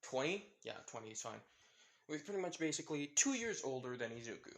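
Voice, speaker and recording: A man's voice: a little high, big pitch swings, a little fast, fairly bright tone. A man casually telling a fan-fiction story, rambling and often correcting himself with fillers.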